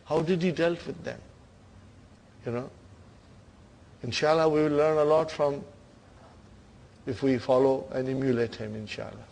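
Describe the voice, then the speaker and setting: A man teaching Quranic Arabic grammar with a South Asian English accent. He rattles off verses fast, then explains slowly in English and keeps checking in with "are you with me, brothers and sisters?". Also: medium pitch, gravelly, darkish tone. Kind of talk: classroom lesson on Quranic grammar.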